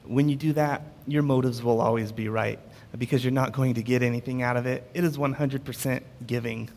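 A man preaching a sermon in a relaxed, conversational storytelling way, with frequent fillers. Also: mid-range voice, fairly quick, in a large hall.

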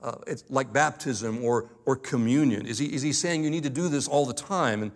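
A pastor delivering a sermon. He speaks earnestly and emphatically, slowing down to stress key words, and adds light humorous asides. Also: mid-range voice.

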